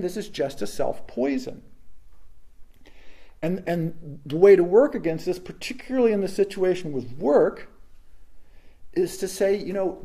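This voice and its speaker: Man, high and mellow voice, casual storytelling talk, acts out quotes.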